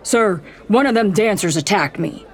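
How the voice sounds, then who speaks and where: A woman's voice: mid-range voice, animated, moderate pace, voice pushed up, lightly acted. A woman playing a drunk, blustering gunslinger. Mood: sheepish. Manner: blustering, then stammering. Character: drunk, bullying, fat male gunslinger.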